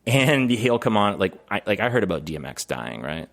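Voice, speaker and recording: A man co-hosting a podcast in casual chat, rambling and profane, with animated storytelling. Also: lowish voice, fairly quick, gravelly. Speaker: podcast co-host.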